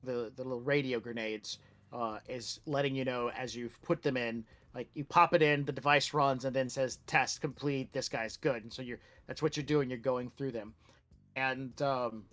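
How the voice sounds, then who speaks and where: A man's voice: mid-range voice, fairly bright tone. A man narrating a tabletop role-playing game as game master, in a loose, casual way with many fillers.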